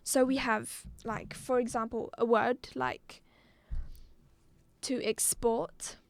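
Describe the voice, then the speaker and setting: A woman teaching a live online exam-prep lesson, patient, repeating words slowly and clearly. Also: on the high side, flat delivery, dry recording. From Algeria.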